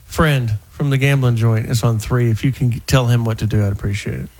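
On his call-in radio talk show, the host talks casually with callers and guests, often backing up to restart a sentence. His voice is medium-pitched with a darkish tone, and he speaks fairly quickly.

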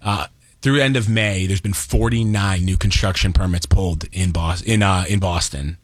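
A man with a fairly low voice talks as a guest on a radio show, agreeable and measured as he walks through figures. The sound is close and dry, with no room echo. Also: fairly even intonation. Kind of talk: casual talk radio chat. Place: radio studio.

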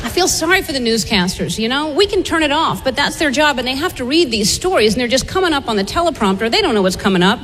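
A woman's voice: sits high, big pitch swings, fast, few pauses, fairly bright tone, slight background noise. A woman performing observational stand-up, wry and full of rhetorical questions. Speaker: stand-up comedian.

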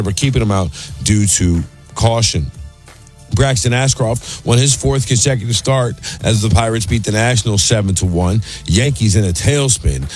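A man reads a radio sports update in a brisk, even newsreader style. His voice sits at a middle pitch, with faint music beneath it. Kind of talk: read sports news update. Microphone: studio mic.

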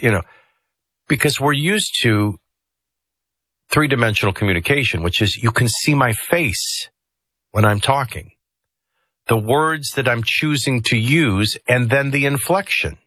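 A middle-aged man hosting a talk radio show, giving conversational political commentary with digressive, animated asides. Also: mid-range voice, unhurried, no room sound.

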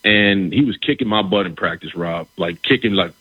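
A middle-aged man, a former pro football player, telling a story in a casual conversation, animated, often restarting his phrases and asking "right?". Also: sits low, moderate pace, breathy edge, no echo. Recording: dull, slightly lo-fi recording.

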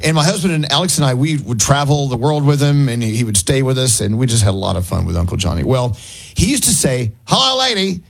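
A middle-aged man hosting a morning radio show, chatty and quick to laugh. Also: medium pitch, creaky, husky, poor audio. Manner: chatty, jokey, laughs easily. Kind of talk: casual radio chat. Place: radio studio.

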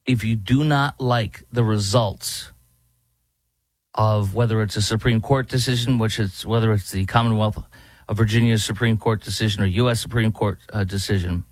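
A man's voice: lowish voice, steady tone, moderate pace, no echo. A man hosting a political talk show, sarcastic and rambling with many restarts. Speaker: host.

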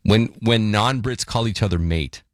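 A man hosts a morning radio show in a playful, chatty way full of quick asides. His voice sits low. The studio mic sounds dry and close. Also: no echo. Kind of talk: casual radio chat. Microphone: studio microphone.

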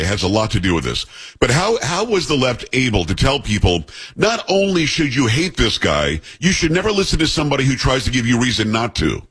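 A middle-aged man hosting a talk radio interview, emphatic and asking pointed questions, with a husky voice. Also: medium pitch, a bit bright.

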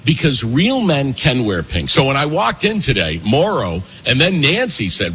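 Animated, emphatic male talk host. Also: medium pitch, breathy edge. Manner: animated, emphatic, fast, with repetitions. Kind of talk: opinionated political commentary. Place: pastry shop and cafe.

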